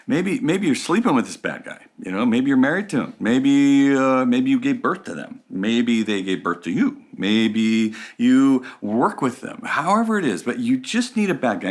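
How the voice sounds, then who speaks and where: A man teaching a relationships course in a conversational, playful way, acting out examples. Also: mid-range voice. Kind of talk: recorded course lecture.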